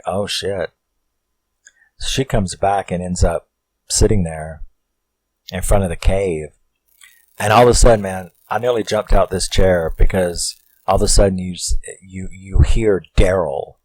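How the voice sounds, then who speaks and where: Man, deep low voice, dry close sound, casual rambling horror film recap, swears a lot. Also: a little mellow, no echo, rough recording. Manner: rambling, profane, self-questioning asides.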